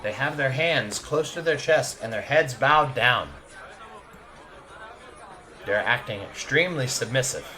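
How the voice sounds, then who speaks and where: A man's voice: medium pitch, measured pace, pauses often, bright, forceful tone, a faint crowd. A man narrating a tabletop game as game master, in a casual, chuckling way.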